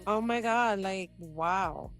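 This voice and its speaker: A woman's voice: mid-range voice, takes it slowly, fairly bright tone, soft background music. A woman co-hosting a book club podcast, retelling a book in a casual, slangy way, full of "like" and laughter.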